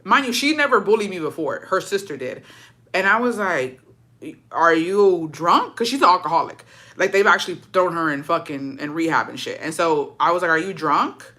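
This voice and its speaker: Bright-voiced woman telling a profane story. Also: on the low side, a little fast. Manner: profane, animated, acts out quoted dialogue; slips into Spanish phrases. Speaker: storytime vlogger. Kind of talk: casual storytelling.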